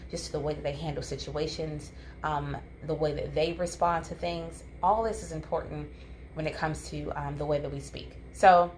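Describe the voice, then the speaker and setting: A woman's voice: low-pitched, a little hiss or hum. A woman coaching parents in a casual, conversational way, with frequent ums and likes. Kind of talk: casual advice talk.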